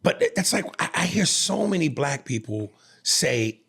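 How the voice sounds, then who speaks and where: A gravelly, husky man with a New York accent, talking on a podcast in a loose, profane, emphatic way. His pitch runs a little high and swings widely as he rants and restarts his sentences. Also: sing-song, normal speed, a bit bright. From New York City. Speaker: podcast co-host. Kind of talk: casual podcast chat.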